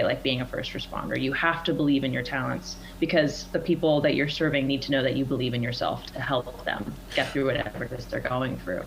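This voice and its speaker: A woman's voice: very deep voice, vocal fry, slight background noise, poor audio. A young adult woman, an actress being interviewed, answering in a thoughtful, earnest way and laughing easily. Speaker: actress guest. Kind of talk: interview conversation.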